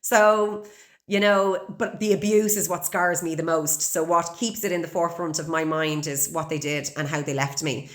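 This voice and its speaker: A woman's voice: low-pitched, steady tone, normal speed. An Irish woman in her forties, hosting a podcast and telling a raw personal story bluntly, with heavy swearing and open emotion. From Ireland. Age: 40s. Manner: blunt and heavily profane. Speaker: podcast host.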